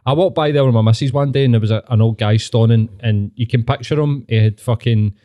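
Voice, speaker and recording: A man with a broad Glaswegian accent chatting on a podcast, swearing freely and slipping into put-on voices as he tells stories. His voice sits mellow and relaxed in tone. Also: medium pitch, quick pace. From Scotland. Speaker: podcast host. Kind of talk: casual chat.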